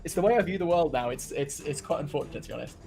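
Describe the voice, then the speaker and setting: A man's voice: fairly high pitch, lively intonation, racing, vocal fry, warm tone, faint music behind. A man co-hosting a casual livestream, chatty and laughing often, with stammered restarts.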